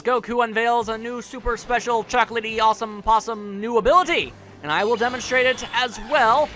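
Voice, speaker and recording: A man's voice: sits high, pushed and bright. A man hosting a let's play, commentating with goofy jokes and taunting the enemy. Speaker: gaming channel host. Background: faint game music.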